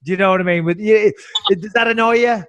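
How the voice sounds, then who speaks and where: High-voiced male podcast host, dry sound. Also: quick pace, fairly bright tone, dry recording, dull audio. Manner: chatty, rambling and profane. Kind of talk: casual interview chat.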